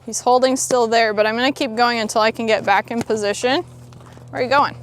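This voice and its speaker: A woman's voice: a little high, fairly even intonation, brisk. A woman horse trainer outdoors at a ranch, explaining a training demo and giving soothing, encouraging praise to a horse.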